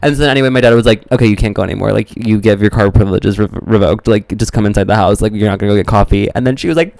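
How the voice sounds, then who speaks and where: Smooth-voiced man telling an animated story. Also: mid-range voice, quick pace, dry recording, rough recording. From American Midwest. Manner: animated storytelling, acts out quotes. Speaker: podcast co-host. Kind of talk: casual chat.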